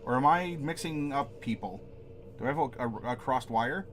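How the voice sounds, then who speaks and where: A man's voice: mid-range voice, moderate pace, a bit bright, slight background noise. A man hosting a live stream from his home desk, chatting casually with viewers and answering the chat aloud in a rambling way. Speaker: streamer host.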